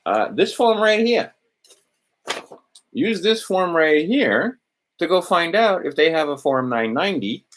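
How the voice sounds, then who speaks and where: His voice sits fairly high and a bit bright, swinging widely in pitch as he talks a little slowly with long pauses. As host of an instructional video, he speaks informally, thinking aloud, trailing off and restarting, and acts out quoted exchanges.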